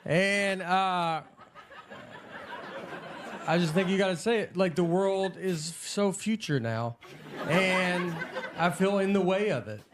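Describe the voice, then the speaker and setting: A man, whose voice sits fairly high for a man. He tells stand-up stories in a dry, understated, bemused way. The recording is from a studio stage, with loud audience laughter behind him. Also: takes it slowly, pauses often, noisy background. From Tennessee, USA. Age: 40s. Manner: deadpan, understated storytelling with bemused quoted dialogue. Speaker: comedian hosting a TV sketch show. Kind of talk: stand-up comedy monologue.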